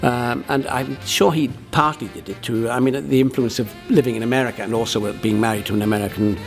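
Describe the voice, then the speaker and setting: Gravelly-voiced man, halting chat. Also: mid-range voice, fairly even intonation, faint music behind. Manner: halting, full of restarts and fillers. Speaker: guest, impressionist performer. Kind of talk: conversational interview.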